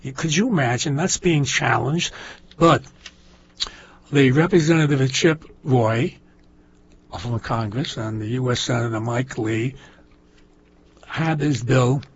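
Male talk show host, rambling and emphatic monologue, keeps saying folks, husky voice, dull lo-fi sound. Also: medium pitch, slow pace, pauses often.

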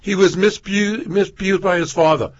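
A man's voice: high voice, fairly even intonation, normal speed. A man hosting a casual chat, cutting in with dry wisecracks. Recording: dull lo-fi sound.

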